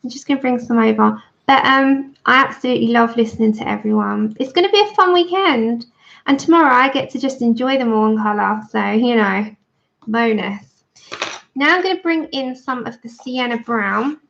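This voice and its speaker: A woman's voice: on the high side, normal speed, creaky, a bit bright. A woman chatting casually to her livestream viewers while she colours, thanking them by name. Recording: dull lo-fi stream audio.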